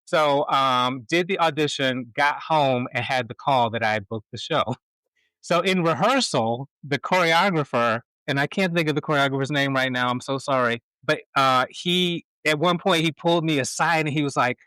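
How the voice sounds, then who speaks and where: Podcast host guy, bright tense voice, dry close sound, laughs a lot telling stories. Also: medium pitch, normal speed, clear, resonant tone, no echo, low-quality recording. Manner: animated storyteller, laughs often. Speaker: stage performer. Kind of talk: casual conversation.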